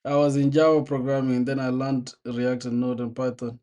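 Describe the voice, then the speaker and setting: Young guy coding on stream, chill slangy chat, talks code to himself, middle pitch. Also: little pitch movement, normal speed, warm tone, muffled recording. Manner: laid-back slangy talk, often laughing, mumbles code aloud. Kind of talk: casual live-stream chat while coding.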